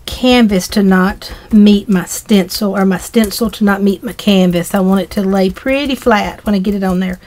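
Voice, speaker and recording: A middle-aged woman with a Southern accent, chatting her way through a craft tutorial, rambling with ums and restarts. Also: mid-range voice. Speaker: craft demonstrator.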